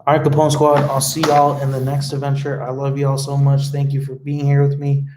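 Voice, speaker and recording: A man's voice: mid-range voice, completely flat delivery, brisk, noisy background. A young man chatting casually on his live stream, earnest and emotional, rambling a little as he answers viewers' comments. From United States. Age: young adult. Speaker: vlogger hosting a live stream.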